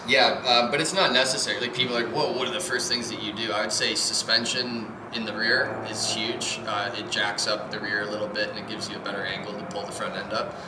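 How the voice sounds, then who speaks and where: A low-voiced man co-hosting a podcast, easygoing and a little hesitant, pausing on ums as he explains. The room echoes, with steady noise behind. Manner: laid-back, hesitant, lots of ums. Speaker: podcast co-host. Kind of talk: casual chat.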